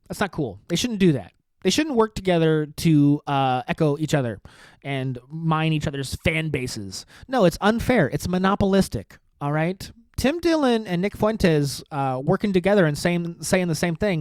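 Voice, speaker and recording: A man's voice: fairly high pitch, no room sound. A man hosting his own podcast, talking alone in a sarcastic, provocative, rambling way. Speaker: podcast host. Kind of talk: solo comedic podcast rant.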